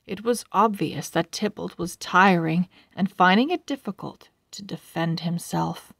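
A woman reading a children's storybook aloud in a calm, measured way. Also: on the low side, gravelly, no room sound, clean studio sound. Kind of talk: children's book read-aloud.

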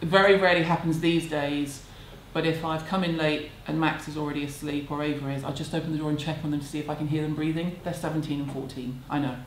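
A woman's voice: sits low, fairly even intonation, quick pace, few pauses. A woman, answering viewer questions at home in a candid, chatty, self-deprecating way. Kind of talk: casual chat. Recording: echoey room, faint background hum.

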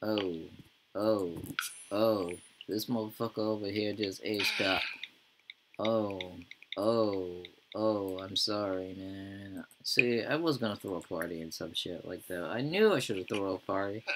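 Low, gravelly man ranting over gameplay. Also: unhurried, noisy background. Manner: profane, slangy, rambling. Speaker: gaming YouTuber. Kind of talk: casual gameplay commentary.

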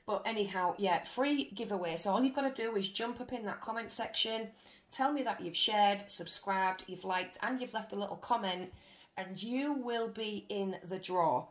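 A woman's voice: mid-range voice, moderate pace. A woman giving a casual tarot reading to her viewers, chatty and blunt, swearing freely as she goes. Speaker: tarot reader. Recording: echoey room with faint noise.

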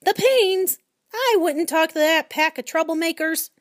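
A woman's voice: a little high, very animated, moderate pace, no echo, clean studio sound, pitched above the performer's own voice. A woman voicing a blunt, indignant husband. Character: older husband, a gruff retired man.

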